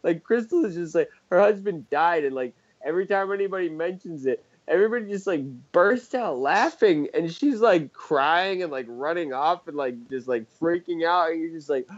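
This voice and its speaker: A man's voice: fairly high pitch, animated, moderate pace, hardly any pauses, highs cut off. A man co-hosting a podcast, chatting casually, rambling with lots of swearing and frequent laughter. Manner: rambling, profane, laughs often. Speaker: podcast co-host. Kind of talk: casual chat.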